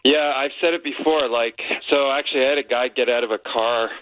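A man's voice: medium pitch, fairly even intonation, a little fast, a little hiss or hum. A man calling in as a guest for a casual interview, telling stories in a blunt, rambling way. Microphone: landline phone. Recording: tinny phone line.

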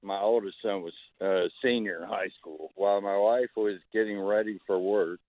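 Deep-voiced man caller on phone. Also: fairly even intonation, normal speed, no echo. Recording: tinny phone line.

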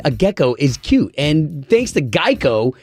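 Easygoing male radio host, slightly high voice. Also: very animated, a little slow, darkish tone, slight background noise. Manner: easygoing, joking banter. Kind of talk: morning radio chat.

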